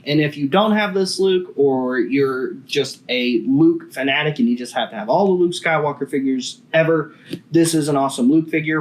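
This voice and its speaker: Man, toy review host, chatty, enthusiastic, mid-pitched voice. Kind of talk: casual product review.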